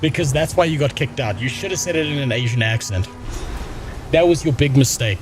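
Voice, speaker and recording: A man's voice: medium pitch, brisk. Blunt, profane young man streaming a game. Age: young adult. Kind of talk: casual gaming stream chat. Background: game music.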